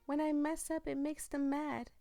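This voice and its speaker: A woman voicing a timid young female clown who is sad and frightened, with a soft, eager-to-please manner that hides her hurt behind cheer. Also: sits high, flat delivery, moderate pace, creaky, faint music behind, pitched above the performer's own voice.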